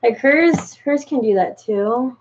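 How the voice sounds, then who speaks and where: A woman's voice: on the high side, slow, husky. Rambling casual woman vlogger, muffled. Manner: rambling with many likes and restarts. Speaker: doll collector vlogger. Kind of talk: casual unscripted chat.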